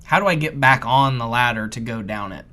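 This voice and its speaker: A man co-hosting a podcast, telling a casual story with loose, rambling phrasing full of fillers and restarts, and animated when he acts out his own panic. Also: medium pitch, fairly quick. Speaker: podcast co-host.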